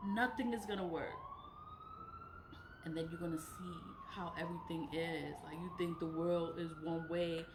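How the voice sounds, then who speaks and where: A woman's voice: lowish voice, reverberant, background noise. A woman talking straight to her viewers in a casual monologue, repeating her warnings with emphasis, swearing freely and laughing between points. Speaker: nonprofit director giving spiritual warnings. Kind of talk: casual spoken monologue to camera.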